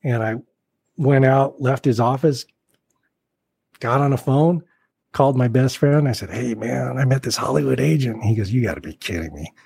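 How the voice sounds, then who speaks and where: Husky man telling animated stories. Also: mid-range voice, moderate pace, pauses often, no echo. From Portland, Oregon. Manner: animated anecdotes, acts out quoted voices. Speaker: actor, guest. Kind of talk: casual storytelling interview.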